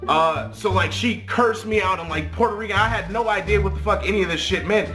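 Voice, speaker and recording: A high-voiced man telling a casual story to the camera. His talk rambles and swears, full of filler and checking tags, with faint music under it. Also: fairly quick, sharp tone. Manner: profane, rambling, many "like" and "right?" tags. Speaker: vlogger.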